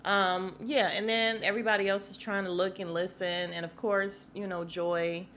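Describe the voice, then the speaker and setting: A woman's voice: medium pitch, little pitch movement, normal speed, fairly bright tone, slight background noise. A young woman from Chicago hosting a podcast, giving a blunt, sassy recap of a reality dating show and talking straight to her listeners. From Chicago, USA. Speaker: podcast host.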